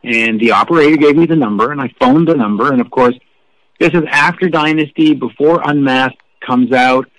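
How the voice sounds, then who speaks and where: A middle-aged man, a rock journalist guest, telling anecdotes in a casual interview with an animated, profane, snarky manner. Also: medium pitch, moderate pace, no echo, poor audio.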